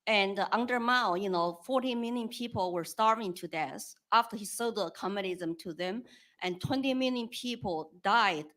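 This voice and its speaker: A woman's voice: medium pitch, normal speed, a bit bright. Woman asking a pointed question. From China. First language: Chinese. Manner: direct, pointed. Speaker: audience questioner.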